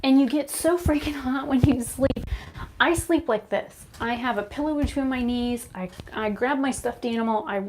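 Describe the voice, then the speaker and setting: A woman talks into her phone camera at home as she does her makeup. Her talk rambles in a chatty, animated way. A faint hum sits under her voice. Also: mid-range voice. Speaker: beauty vlogger. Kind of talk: casual chat while doing makeup. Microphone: phone camera at arm's length.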